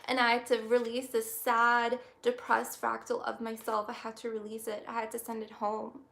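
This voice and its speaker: A woman's voice: on the high side, completely flat delivery, vocal fry. Emotional woman reading tarot cards. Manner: soft, reflective, halting with many restarts. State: close to tears. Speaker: tarot reader.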